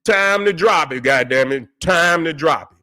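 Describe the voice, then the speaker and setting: A man hosting his own channel, ranting loudly and profanely, repeating himself and calling out to viewers. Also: a little high, lively intonation, normal speed. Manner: loud, fiery and repetitive, swearing constantly; calls out to viewers, drawling and mocking at times. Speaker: channel host. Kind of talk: profane livestream rant.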